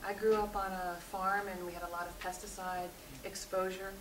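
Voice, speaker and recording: A woman from Tennessee, a mock graduate applicant, giving earnest answers with filler pauses. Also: mid-range voice, little pitch movement. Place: seminar room. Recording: roomy, distant, noisy room recording.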